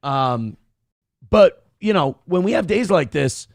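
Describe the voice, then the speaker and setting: Man, morning show host, gravelly, crude rapid banter, dry studio mic. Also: a little high, animated, dry recording. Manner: loud, crude, fast banter. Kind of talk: casual livestream chat reading donations.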